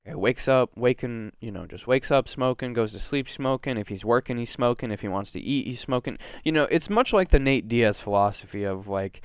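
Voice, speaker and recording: A man's voice: medium pitch, fairly quick, few pauses, clear, resonant tone, no echo. A man from Oregon talking casually on his solo podcast, rambling with lots of fillers, restarts and self-corrections. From Oregon, USA. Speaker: podcast host.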